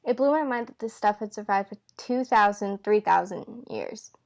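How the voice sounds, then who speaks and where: A woman reading a novel aloud at home in a relaxed, unpolished way. She trips over words, backs up and rereads them. The characters' lines come in her own plain voice. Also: mid-range voice, moderate pace, vocal fry. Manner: stumbles and corrects herself with asides. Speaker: amateur reader. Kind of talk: casual read-aloud of a novel.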